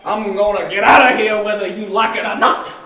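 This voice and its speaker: A man's voice: high-pitched, fairly quick, pitched below the performer's own voice. A man playing a blustering cowboy prisoner. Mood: lamenting. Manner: hammy, laughing through lines, protesting loudly. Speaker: paranormal investigator performing a skit. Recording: echoey room, distant mic, people nearby.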